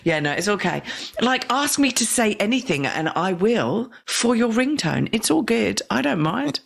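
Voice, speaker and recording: A woman's voice: medium pitch, very animated, normal speed, vocal fry, slightly rough. A woman hosting a podcast, chatting playfully and laughing often, a self-described big talker. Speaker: podcast host. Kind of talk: casual podcast conversation.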